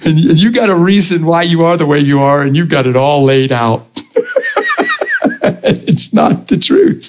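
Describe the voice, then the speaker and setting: A man preaching a sermon, telling a personal story with passion and a voice that swings high and low. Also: steady tone, brisk, few pauses, muffled recording, background noise.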